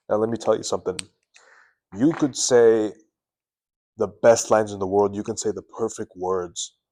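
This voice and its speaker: A man giving earnest advice straight to the camera, deliberately pushing his tone up and down and sometimes restarting words. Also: fairly low pitch. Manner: earnest, animated, varies tone up and down on purpose, restarts words. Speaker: self-improvement video host. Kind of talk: direct-to-camera advice talk. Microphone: camera mic.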